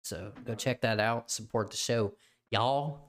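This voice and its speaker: A man's voice: lowish voice, a little slow, a bit bright. Rambling, laughing young man. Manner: rambling, swears a lot, laughs often. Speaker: podcast co-host. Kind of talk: casual chat.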